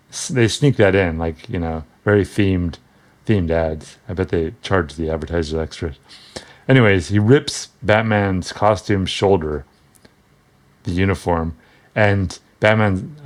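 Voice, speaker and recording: A man casually talking through an old comic book, rambling and wry, with frequent restarts and asides. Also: low-pitched.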